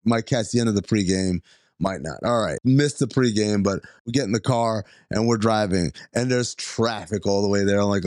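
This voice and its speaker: A man's voice: normal speed, dry recording, clean studio sound. A man co-hosting a podcast, telling a story in casual chat and acting out the dialogue. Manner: animated storyteller, acts out dialogue in higher voices. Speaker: podcast co-host.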